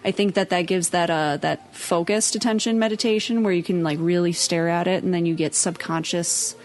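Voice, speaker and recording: A woman's voice: on the low side, fairly even intonation, brisk, darkish tone. A woman co-hosting a podcast in casual chat, chiming in with supportive clarifying comments. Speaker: podcast co-host.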